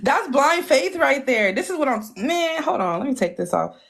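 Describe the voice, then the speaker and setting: A fairly high-voiced woman hosts a casual live chat. She talks in excitable, slangy bursts and laughs often. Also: moderate pace. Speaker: livestream host.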